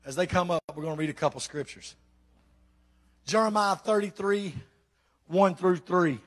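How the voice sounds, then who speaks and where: A man's voice: high-pitched, normal speed. A man preaching a sermon to his church, reading scripture with emphatic praise.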